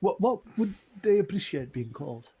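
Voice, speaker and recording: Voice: mid-range voice, big pitch swings, moderate pace, dark tone, husky. A player at a tabletop game speaking casually with a playful, joking manner.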